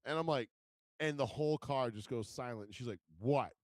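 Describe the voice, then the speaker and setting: A man co-hosting a podcast, chatting casually and crudely, telling animated stories full of swearing and acted-out voices. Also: mid-range voice, normal speed, no room sound. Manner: animated storyteller, swears a lot, acts out voices. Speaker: podcast co-host.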